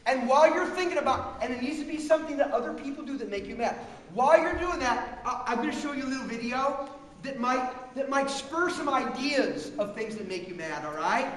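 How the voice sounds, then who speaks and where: A man's voice: very high voice, a little fast. A man preaching a humorous, self-mocking sermon as pastor on a church stage. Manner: self-mocking, animated storyteller. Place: large church hall. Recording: echoey church hall, long reverb.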